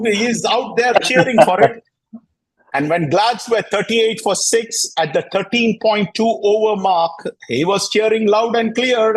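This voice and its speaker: A combative man hosts a cricket talk show, ranting with plenty of sarcasm and doubling back on his words. His voice sits fairly high and has a husky edge. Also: rough recording. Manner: combative, sarcastic, repeats himself. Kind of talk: heated casual rant.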